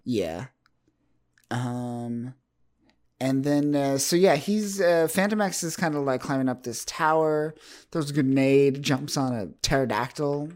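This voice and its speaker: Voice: mid-range voice, a little slow, darkish tone. Laid-back co-host recapping comics. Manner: laid-back, lots of fillers, quotes characters. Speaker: comic book podcast co-host. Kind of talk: casual chat recapping a comic.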